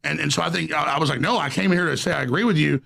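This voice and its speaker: A man's voice: fairly high pitch, rapid-fire, gravelly, bright, forceful tone. A man speaking with heated outrage in a political talk show discussion.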